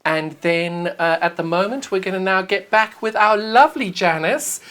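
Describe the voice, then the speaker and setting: A woman's voice: mid-range voice, moderate pace, a bit bright, clear, resonant tone. A woman with a South African accent presenting live on a sewing shopping channel, gushing and urging viewers to buy. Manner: gushing, enthusiastic, urgent selling.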